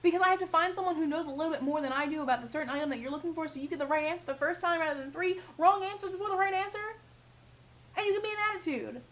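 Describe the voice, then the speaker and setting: A woman's voice: extremely high pitch, rapid-fire, fairly bright tone, poor audio. A young woman who works in retail, ranting casually and with swearing about customers, often mimicking them. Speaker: retail worker. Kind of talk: casual vlog rant.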